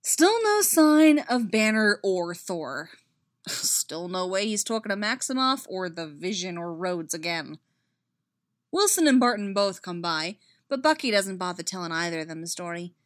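A woman narrating a story aloud with a wry, expressive delivery. Her voice moves freely up and down in pitch. The sound is very dry and close. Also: moderate pace, dry recording. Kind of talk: reading a fan-fiction story aloud.

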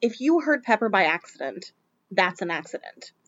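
A woman's voice: medium pitch, big pitch swings, normal speed, fairly bright tone, muffled recording. A woman voicing a sardonic demon man in an audiobook reading, with a dry, curt manner. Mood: firm.

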